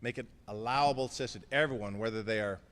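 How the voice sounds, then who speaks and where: At his indoor farewell press conference, the outgoing mayor, slightly emotional, jokes fondly and thanks people by name. His lowish voice is a bit bright and quick, set against an echoey hall and crowd murmur.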